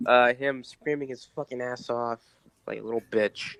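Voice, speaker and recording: A man with a sore throat presenting award nominees in a loose, halting, profane way. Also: medium pitch, steady tone, fairly bright tone, no echo. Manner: hesitant, full of fillers and swearing. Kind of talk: casual comedic awards chat.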